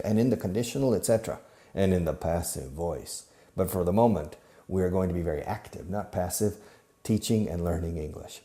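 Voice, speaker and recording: A man's voice: lowish voice, warm tone. A middle-aged man teaching an English lesson to a camera, asking himself questions and answering them playfully. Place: classroom filmed for video. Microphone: camera operated by an assistant.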